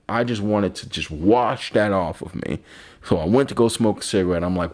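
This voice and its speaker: A man's voice: on the low side, moderate pace, a little mellow. A man, a vlogger and comedian, drinking and rambling in a profane, self-mocking monologue. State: drinking alcohol.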